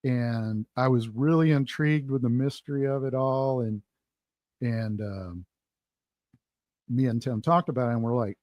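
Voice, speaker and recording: A man's voice: mid-range voice, measured pace, long pauses, a little mellow, no room sound. A man who is a guest on a casual chat show, talking in an easygoing way. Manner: easygoing, laughs often.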